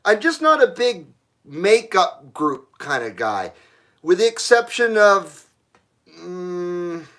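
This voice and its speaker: Profane, lively-voiced male stream host. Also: high voice, takes it slowly. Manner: blunt, profane, laughs often. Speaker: live stream host reading chat. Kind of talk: casual live stream chat.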